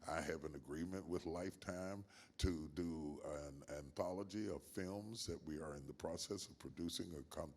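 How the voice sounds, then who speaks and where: This guest pastor, old enough to be a grandfather, has a rumbling low voice. He answers interview questions with the measured, emphatic rhythm of preaching, returning to certain phrases again and again.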